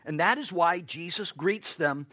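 A man preaching a sermon, expressive, acting out quoted lines and asking his listeners rhetorical questions. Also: fairly high pitch, unhurried, no room sound, clean studio sound.

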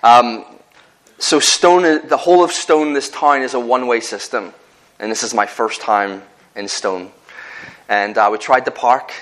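A man's voice: mid-range voice, fairly bright tone, low-quality recording. Earnest Northern Irish man preaching. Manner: earnest, conversational, repeats himself and restarts phrases. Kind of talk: sermon with personal stories.

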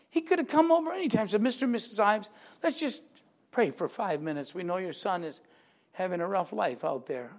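An older pastor with a high-pitched voice preaches a sermon built around his personal testimony. He acts out the people he quotes and climbs into emphatic preaching.

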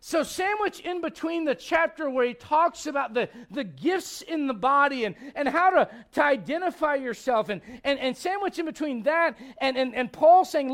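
Male pastor with a very high voice, preaching a lively, emphatic sermon. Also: normal speed, hardly any pauses. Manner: emphatic, conversational, acts out quotes and asides, frequent restarts.

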